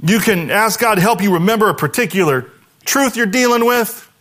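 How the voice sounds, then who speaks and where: A man preaching a sermon to his church, animated, dropping to a hushed voice when he voices a prayer. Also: sits high, brisk. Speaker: pastor.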